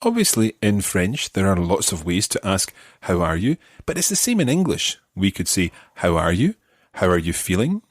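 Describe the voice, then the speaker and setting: A middle-aged podcast host who teaches languages gives a friendly guided lesson, patiently explaining and modeling pronunciation for learners. He sounds very animated in a low voice at a moderate pace, with no room sound.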